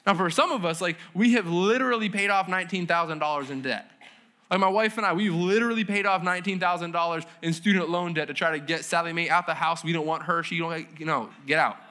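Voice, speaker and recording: Pastor, male, high and bright voice, casual conversational sermon, slangy, checks in with the room. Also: fast talker. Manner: casual, conversational preaching with slang and audience questions. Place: church service.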